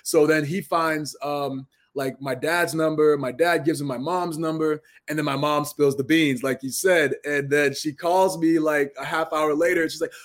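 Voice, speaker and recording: Man, 30s, earnest guest, storytelling, slightly high voice. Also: fairly even intonation, moderate pace, hardly any pauses. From Massachusetts, USA. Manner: earnest, storytelling, many restarts. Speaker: guest, pro wrestler. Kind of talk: casual interview talk.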